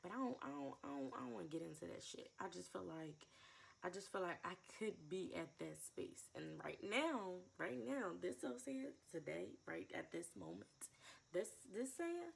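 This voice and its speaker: Twenties woman, low gravelly voice, raw heartfelt confessional vlog with repeated phrases. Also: very animated, normal speed, a little hiss or hum. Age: 20s. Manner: raw, emotional, repeats phrases, sighs between thoughts. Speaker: vlogger.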